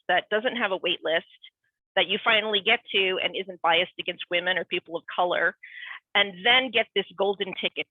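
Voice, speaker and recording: Animated woman on a tinny line. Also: medium pitch, dry recording. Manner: animated, talkative, acts out quoted voices. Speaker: guest speaker. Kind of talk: casual conversational talk. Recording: tinny phone-like line, dry.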